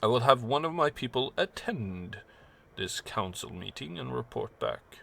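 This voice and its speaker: A man's voice: mid-range voice, big pitch swings, measured pace, creaky, fairly bright tone, a little hiss or hum, heavily acted. A man voicing a courtly male information broker who speaks in a polite, ornate way. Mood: pleased.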